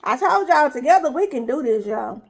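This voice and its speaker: A woman's voice: high voice, animated, moderate pace, creaky. A middle-aged woman vlogger chatting casually while she eats, telling a story straight to her viewers. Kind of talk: casual eat-with-me chat.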